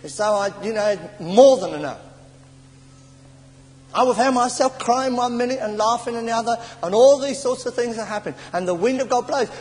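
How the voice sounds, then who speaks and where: An English man preaching a sermon in a church, telling stories with animated stammers and sighs. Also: very high-pitched, moderate pace. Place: church hall. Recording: old church sermon tape in a reverberant hall with faint hiss.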